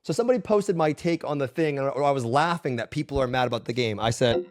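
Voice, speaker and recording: A man's voice: medium pitch, lively intonation, quick pace. A man streaming games, ranting in casual chat with heated, profane emphasis. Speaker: game streamer. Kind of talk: casual live-stream rant.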